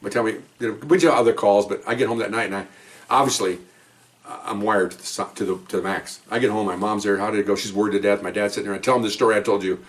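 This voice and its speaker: Fast-talking older man telling cop stories. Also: fairly low pitch. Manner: rambling, animated, acts out quotes. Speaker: retired police officer. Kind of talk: casual storytelling.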